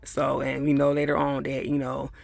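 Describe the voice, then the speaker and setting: A man's voice: mid-range voice, completely flat delivery, moderate pace, vocal fry, dry recording. A man giving a casual, chatty episode recap and review, full of fillers and asides to viewers, acting out characters' lines and getting heated when annoyed. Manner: acts out characters' lines while retelling scenes.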